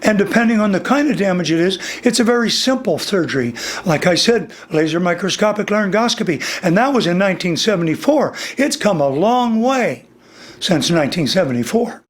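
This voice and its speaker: An older man teaching singing in a slow, deliberate interview manner, his voice slightly worn. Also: high voice, expressive. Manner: demonstrates vocal registers, slow and deliberate. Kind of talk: instructional interview.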